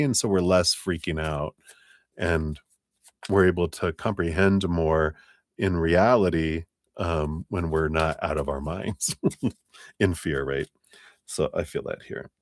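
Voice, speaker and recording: A man with a very low voice gives tarot readings on a live stream, talking in a chatty, meandering way and laughing often. The sound is dry and close, with no room around it. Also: dry recording. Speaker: tarot reader.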